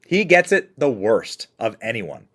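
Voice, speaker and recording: A man hosting a political commentary show, reacting to clips in a mocking, animated way. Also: mid-range voice, measured pace. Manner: mocking, animated, laughs often.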